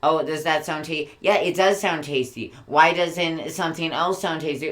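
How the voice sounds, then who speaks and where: A man's voice: a little high, normal speed, hardly any pauses. A man co-hosts a casual book-chat podcast and rants freely, swearing often. He slips into mocking little voices to quote people he disagrees with, and his energy rises and falls as he goes. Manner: profane, animated ranting with mocking put-on quotes. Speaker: podcast co-host.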